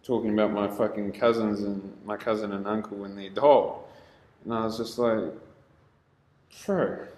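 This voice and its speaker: Young kiwi guy telling stories, lowish voice, chill and sweary, echoey room. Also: little pitch movement, moderate pace, darkish tone, a little hiss or hum. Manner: laid-back, swears constantly. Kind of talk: casual storytelling. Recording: roomy echo.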